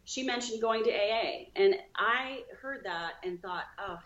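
A woman guest on a podcast, telling her own story with lively, acted-out dialogue. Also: fairly high pitch, unhurried, reverberant, lo-fi sound, crowd noise. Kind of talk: storytelling in an interview.

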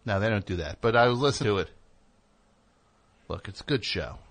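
A man's voice: fairly low pitch, expressive, brisk, a bit bright. Sarcastic, rambling talk show host man. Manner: rambling sarcastic riffing with frequent fillers. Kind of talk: comedic talk show monologue.

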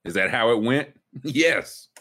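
Animated man ranting about basketball. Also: unhurried. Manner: animated, emphatic ranting with rising pitch jumps. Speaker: sports podcast host. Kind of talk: casual sports talk.

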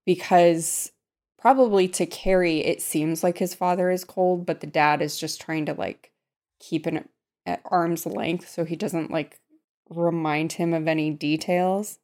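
Woman, low-ish voice, reflective podcast co-host. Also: fairly even intonation, a little slow, a little mellow. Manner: thoughtful, hesitant, laughs often. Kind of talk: casual book discussion.

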